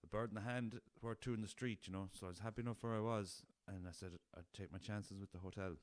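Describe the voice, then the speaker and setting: A young man with a west of Ireland accent hosts his own podcast, spinning loose, rambling stories full of swearing and chuckles. His voice sits very low and comes across smooth and resonant. The recording is dry and close, with no room sound. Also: fairly even intonation, fast talker, no echo. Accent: Irish, west of Ireland. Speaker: podcast host. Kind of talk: casual storytelling.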